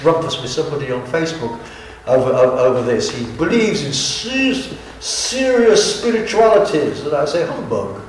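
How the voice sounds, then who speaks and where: A man's voice: a little high, expressive, moderate pace, a little hiss or hum. A man preacher giving a sermon in an earnest, emphatic style that keeps repeating key phrases. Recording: very echoey hall, from far off.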